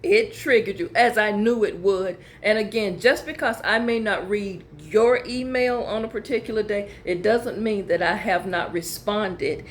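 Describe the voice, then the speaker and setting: A middle-aged woman pastor hosting a casual vlog, chatty and animated, talking straight to her viewers and reading their emails aloud. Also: medium pitch, a little slow, few pauses, slight background noise. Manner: chatty, animated, calls viewers y'all and girl. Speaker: pastor and channel host.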